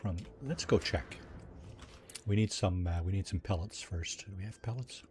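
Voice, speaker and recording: A man's voice: sits low, normal speed, darkish tone, a little hiss or hum. A man chatting casually while livestreaming a game, reading chat aloud and joking with his viewers. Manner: chatty, reads chat aloud, jokey asides. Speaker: streamer.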